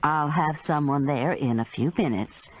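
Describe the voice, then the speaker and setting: Female reader as dispatcher, calm and level, slightly low voice. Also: a little slow, muffled recording. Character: calm female emergency operator.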